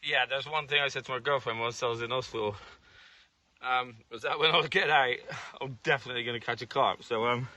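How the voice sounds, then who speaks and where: A man's voice: mid-range voice, fairly even intonation, a little fast, sharp tone, dry recording. A man speaking earnestly to camera as an angler, sharing a heartfelt message after a catch. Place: fishing bank outdoors.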